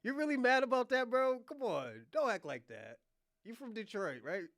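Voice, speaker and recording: A man's voice: very high-pitched, very animated, normal speed, a bit bright, dry recording, clean studio sound. A man from Boston hosting a casual live chat, teasing and laughing often. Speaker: livestream host.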